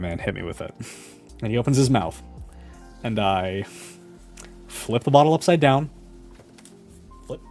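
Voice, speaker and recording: Young adult male streamer, casual storyteller, laughs a lot, mid pitch, light background music. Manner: animated, laughs through the story. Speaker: model kit building streamer.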